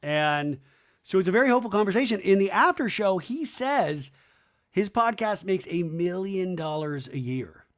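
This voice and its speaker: Chatty male podcast host, slightly high voice, casual rambling recap delivery. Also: normal speed. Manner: chatty and animated, lots of "like" and asides. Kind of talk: casual reality-show recap.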